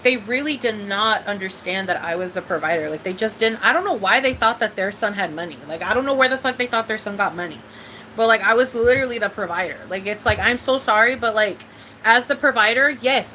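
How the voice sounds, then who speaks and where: A woman's voice: on the high side, a little hiss or hum, poor audio. Blunt, foul-mouthed young woman ranting. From Mexican. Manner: blunt, profane, animated ranting. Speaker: vlogger. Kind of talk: casual live-stream chat.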